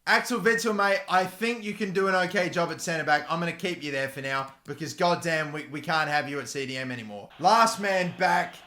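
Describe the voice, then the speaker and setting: An Australian man with a high, bright voice calls his football match as he plays. He drops to low mutters, then screams and swears until his voice cracks. The echoey room has a faint hiss behind him. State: voice cracking from shouting. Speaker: gaming YouTuber. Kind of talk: live gameplay commentary.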